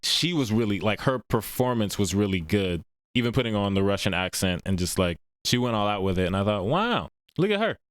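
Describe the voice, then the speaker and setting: A man co-hosting a movie review podcast, relaxed and agreeable in casual chat. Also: fairly low pitch, a little fast, clean tone, dry recording. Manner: relaxed, agreeable, lots of backchannel. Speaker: podcast co-host.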